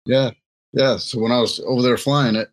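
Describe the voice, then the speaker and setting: A man's voice: medium pitch, steady tone, normal speed. Laid-back rambling man. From Louisiana. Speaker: co-host. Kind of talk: casual chat. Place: Nebraska.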